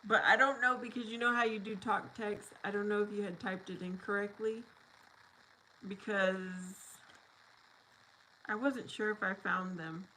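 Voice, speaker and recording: A woman's voice: medium pitch, fairly even intonation, measured pace, pushed and bright, slight background noise, poor audio. A woman hosting a casual livestream, reading viewer comments aloud and greeting people by name, often breaking into laughter. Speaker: livestream host.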